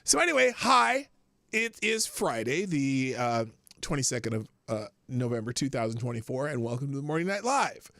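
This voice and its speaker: A man's voice: mid-range voice, big pitch swings, normal speed, vocal fry, fairly bright tone, no room sound. A man hosting a casual livestream show from a small home studio, rambling, profane and chuckling often. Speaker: host. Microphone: headphones with desk mic.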